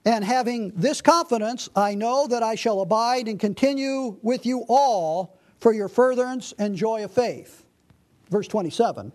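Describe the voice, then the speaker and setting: Pastor guy w a really high voice, earnest bible-study sermon, lots of restarts. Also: measured pace. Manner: earnest, reads scripture aloud, frequent restarts. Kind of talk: expository sermon.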